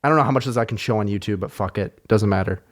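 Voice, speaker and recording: A man's voice: lowish voice, very fast. A man hosting a podcast in casual chat, rambling and swearing freely, and poking fun at himself. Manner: rambling, profane, self-mocking. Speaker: podcast host.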